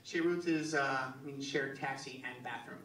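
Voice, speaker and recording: A male comedian doing live stand-up, telling a story in an animated way and acting out the other people's voices. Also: medium pitch, normal speed. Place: live venue with audience. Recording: echoey room, distant mic, crowd noise.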